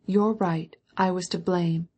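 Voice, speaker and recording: A woman's voice: lowish voice, steady tone, a little slow, a little mellow, husky. A woman reading the part of a proud young male count who pleads with emotion. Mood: pleading.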